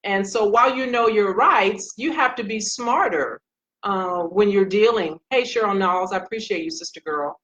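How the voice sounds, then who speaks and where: A woman's voice: mid-range voice, moderate pace, a bit bright, muffled recording. A woman, a retired police sergeant, giving casual commentary on a Facebook Live stream. She speaks directly and earnestly, addressing viewers by name.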